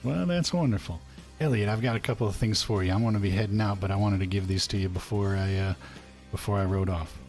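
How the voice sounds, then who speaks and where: A man's voice: on the low side, fast talker, soft background music, close to an everyday voice. A man playing a polite, folksy old frontier man in a western role-play. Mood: friendly. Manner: courteous, warm-spoken, folksy.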